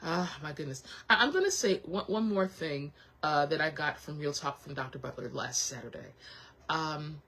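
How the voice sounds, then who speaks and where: A woman with a low, slightly bright voice speaks at a moderate pace, captured in a low-quality recording. Hosting a relaxed motivational chat, she sounds warm and encouraging, often restarting her thoughts and repeating reassurances.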